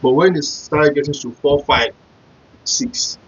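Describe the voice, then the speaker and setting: A language teacher with a slightly high, husky, fairly bright voice speaks at a measured pace. He gives a casual spoken lesson, patiently repeating and spelling out words while encouraging his viewers and addressing them directly. The recording has a dull lo-fi sound.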